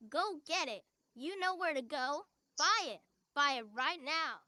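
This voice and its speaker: A man's voice: extremely high pitch, lively intonation, measured pace, pushed and bright, no echo, clean studio sound, pitched above the performer's own voice, full character voice. A man voicing a young shop kid in a merchandise ad, pushing listeners to buy. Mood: pushy. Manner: pushy salesman.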